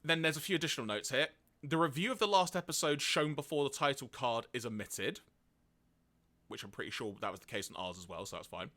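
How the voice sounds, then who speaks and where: A man's voice: medium pitch, fairly quick, bright, forceful tone. A man co-hosting a casual podcast, reading out notes on an episode and laughing often. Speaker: podcast co-host.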